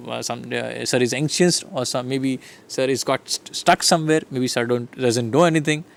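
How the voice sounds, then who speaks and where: A middle-aged man gives a recorded lecture, explaining slide by slide and checking in with "right?" and "fine". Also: mid-range voice. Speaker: English lecturer.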